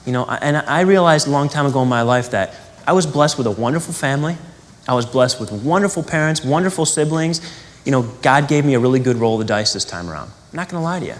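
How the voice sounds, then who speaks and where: A man giving a spiritual teaching in an animated, conversational way, asking rhetorical questions and acting out quotes. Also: mid-range voice, fast, big-room sound.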